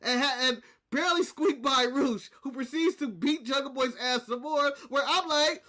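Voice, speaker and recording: A man's voice: extremely high pitch, moderate pace, pushed and bright. A man co-hosting a casual wrestling podcast, blunt and often laughing. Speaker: podcast co-host.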